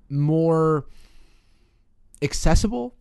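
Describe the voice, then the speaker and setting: Man, casual podcast chat, fairly high voice, lots of likes, dry close mic. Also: expressive, extremely slow, vocal fry, a little mellow, clean tone, no echo. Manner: reflective, filler-heavy. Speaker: podcast co-host.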